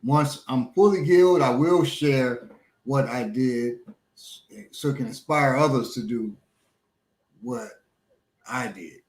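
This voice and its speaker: A middle-aged man hosting a casual talk show, his words slightly slurred as he recovers from a small stroke. He speaks haltingly, stopping often and filling gaps with ums and uhs. The room around him rings with echo. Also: medium pitch, a little mellow. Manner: halting, many pauses and fillers. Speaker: podcast host and instructor. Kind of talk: casual chat.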